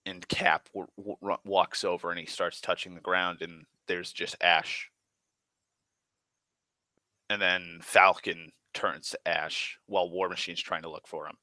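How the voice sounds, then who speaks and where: Low male voice, bright and dry, rambling profane movie recap with stumbles. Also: a little slow, no echo. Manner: profane, excitable, rambling with restarts. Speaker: movie vlogger.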